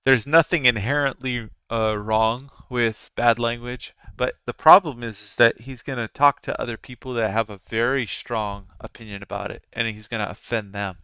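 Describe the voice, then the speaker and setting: A man hosts a live trading stream, talking casually to his viewers and answering the chat as he goes. His voice is bright and smooth. The sound is dry and close, with no room around it. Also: medium pitch, fairly even intonation, normal speed, few pauses, no echo. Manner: chatty, talks to viewers and chat. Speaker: livestream trading host.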